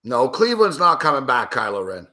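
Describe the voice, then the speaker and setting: A male sports betting host swearing and yelling at players during a game, then ranting at his viewers. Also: medium pitch, very animated, brisk. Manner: angry, profane outbursts and shouting at the players; sarcastic, lecturing rant at viewers. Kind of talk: live reaction rant while watching a game.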